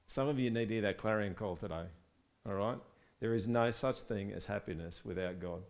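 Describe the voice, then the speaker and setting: A man as pastor preaching a sermon at a church service, lively and asking the congregation questions. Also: lowish voice, a little fast.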